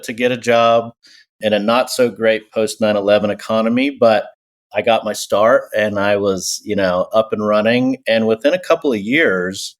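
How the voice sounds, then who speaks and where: A man in his forties from Texas, an agency co-founder telling his story in a relaxed interview over a video call. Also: fairly low pitch. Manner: easygoing, storytelling, self-deprecating. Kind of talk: casual interview talk. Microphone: remote video call.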